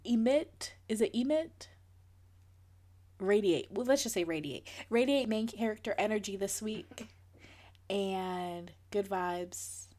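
A woman's voice: medium pitch, slow pace, darkish tone. A woman in her twenties co-hosting a podcast, chatting in a laid-back way and laughing easily. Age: 20s. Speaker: podcast co-host. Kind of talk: casual chat.

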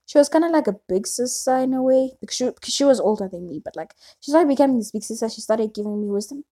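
A woman's voice: on the high side, expressive, fast talker, mellow. A young woman talking casually to her camera at home, rambling on with lots of fillers. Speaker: vlogger.

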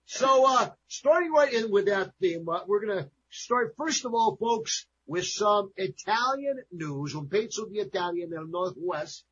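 A man's voice: sits high, expressive, a little slow, few pauses, a bit bright, muffled recording, slight background noise. A man hosting a talk radio show, chatting in an upbeat way and repeating promo details, speaking into a studio microphone.

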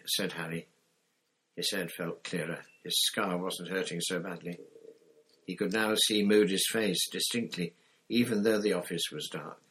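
A man narrating an audiobook in a steady, measured storytelling manner. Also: low voice, breathy edge. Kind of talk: scripted narration.

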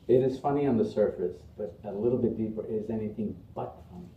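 Earnest preacher in an echoey hall. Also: male voice, on the low side, lively intonation, fast, dark tone, slight background noise. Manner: earnest, rhythmic listing with rising emphasis. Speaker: Friday sermon preacher. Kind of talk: sermon. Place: mosque prayer hall. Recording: echoey hall, distant muffled mic.

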